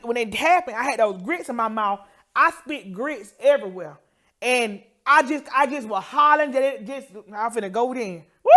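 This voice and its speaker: A woman tells an emotional healing testimony in a fairly high voice. She moves through the story with feeling and acts out the doctor and her family as she quotes them. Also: a bit bright. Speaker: co-host sharing a healing testimony.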